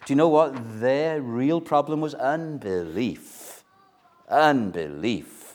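An older man from Wales preaching a sermon, emphatic, with dramatic pauses and sudden soft drops. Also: on the high side.

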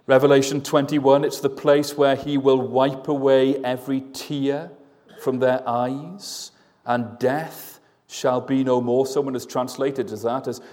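Slow earnest preacher in an echoing church. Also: male voice, medium pitch, darkish tone. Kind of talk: sermon. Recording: long church reverb, voice at a distance.

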